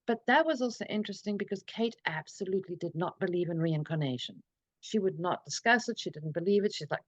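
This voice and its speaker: A middle-aged woman, an interview guest, telling her own story in a reflective, earnest, halting way over a video call. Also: medium pitch, dry recording, dull audio. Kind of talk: personal storytelling in a conversation.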